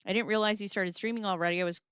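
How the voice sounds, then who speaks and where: A woman's voice: medium pitch, steady tone, racing, fairly bright tone, clean tone, dry recording, studio quality. A woman chatting casually on a livestream, reading viewer comments and joking sarcastically, with frequent laughter.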